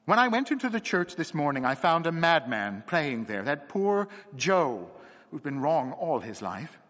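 Storybook role: a man playing a feverish, stammering young curate, pitched high, with lively swings. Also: brisk, slightly rough, exaggerated voice. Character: young male curate, frantic, nervous, excitable. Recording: long reverb.

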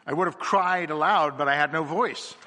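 A man narrating a horror story in a tense, dramatic way that swings between hushed and urgent. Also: fairly high pitch, moderate pace. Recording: long hall reverb.

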